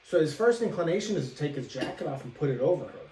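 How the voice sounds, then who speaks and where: A man's voice: on the high side, big pitch swings, quick pace, warm tone, recorded from a distance. A man co-hosting a podcast, telling a ghost story in a rambling, casual way and acting out the characters' lines. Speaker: podcast co-host. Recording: roomy echo, away from the mic, faint hiss.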